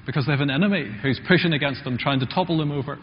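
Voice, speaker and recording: A man's voice: a little high, racing, a little hiss or hum. A man preaching a sermon in a church, talking in a conversational way and asking the congregation questions. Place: church hall. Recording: muffled church recording with long reverb.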